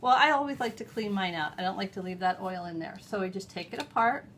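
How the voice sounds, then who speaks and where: A woman's voice: medium pitch, quick pace, a bit bright, slight background noise. A middle-aged woman hosting a hands-on how-to demonstration, explaining each step in a chatty, homey way as she works. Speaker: host.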